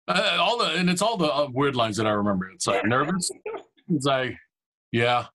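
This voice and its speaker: A man's voice: medium pitch, a little fast, fairly bright tone. A man in his forties co-hosting a casual podcast, laid-back and hesitant, with many fillers. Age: 40s. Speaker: podcast co-host. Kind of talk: casual chat.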